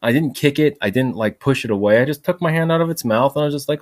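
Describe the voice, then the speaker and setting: A man's voice: mid-range voice, fast. A man hosting a solo podcast, rambling casually with lots of "freaking" and "like". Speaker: podcast host. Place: home recording, voice message.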